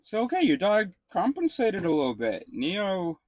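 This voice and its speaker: A man's voice: sits high, wildly swooping pitch, moderate pace, darkish tone. A man casually telling a rambling story to the camera, swearing freely and restarting his sentences. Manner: rambling, profane, full of fillers and restarts. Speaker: vlogger.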